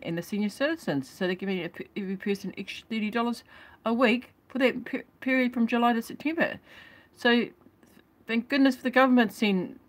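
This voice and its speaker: A vlogger gives an indignant rant while reading out statistics. The speaker stumbles, restarts words and apologises while reading, and keeps calling things ridiculous. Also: medium pitch. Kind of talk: ranting commentary reading statistics.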